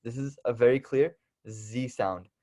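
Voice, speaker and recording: A man's voice: mid-range voice, a little slow, mellow. Young male teacher, casual lesson delivery, drills each sound patiently. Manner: patient, repeats and stresses each letter sound. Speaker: Arabic alphabet teacher.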